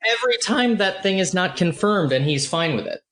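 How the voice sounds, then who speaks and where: A man's voice: high-pitched, animated, a little fast, a bit bright. Man with a roomy, echoing sound. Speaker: podcast host. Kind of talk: casual film discussion. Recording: roomy echo.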